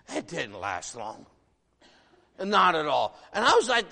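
A man in his sixties, originally from the northern United States, preaching a sermon in an animated, folksy way, full of rhetorical questions. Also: sits high, unhurried, creaky. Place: church sanctuary. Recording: long reverb of a large hall.

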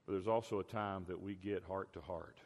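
An older man preaching a sermon as a pastor, emphatic, drawing out key words slowly. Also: low voice, fairly even intonation, a little mellow. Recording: long hall reverb.

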